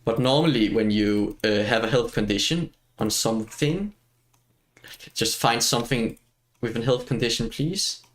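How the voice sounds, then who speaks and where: A man's voice: mid-range voice, moderate pace. Rambling, self-mocking male game streamer. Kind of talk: casual gameplay chat.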